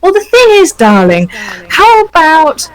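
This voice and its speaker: A woman's voice: very high voice, huge pitch swings, unhurried, no room sound, pitched above the performer's own voice, heavily acted, rough recording. A woman putting on a smarmy posh trickster.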